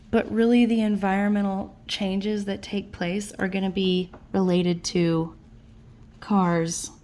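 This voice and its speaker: A woman teacher, tired late at night, slowly and patiently walking students through their notes in a recorded lesson. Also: medium pitch, a little mellow, slight background noise. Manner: slow, patient explaining.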